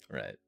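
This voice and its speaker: A man's voice: on the high side, creaky, mellow, husky. A man streaming a card game, ranting and swearing in casual commentary. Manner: frustrated, swears constantly, rants.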